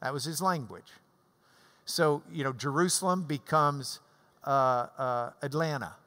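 A man's voice: a little high, a little slow, bright, forceful tone, in a large hall. A man in his sixties giving a sermon as a preacher, teaching through Bible verses with emphatic delivery and folksy asides about Greek words. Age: 60s.

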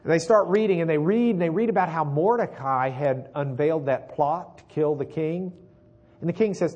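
A male preacher retelling a story in a conversational, animated, folksy sermon. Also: fairly high pitch, normal speed, lo-fi sound.

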